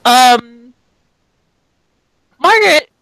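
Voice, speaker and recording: A woman's voice: high voice, animated, very slow, a bit bright, dry recording. Laughing, chatty woman running a tabletop game. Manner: laughing, swearing, loose and chatty. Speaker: game master. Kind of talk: casual tabletop game narration.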